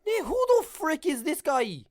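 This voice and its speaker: A man putting on a rough attempt at an Irish accent to play a brash, foul-mouthed male fighter, loud and cartoonish. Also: very high voice, very animated, measured pace, voice pushed up, heavily acted.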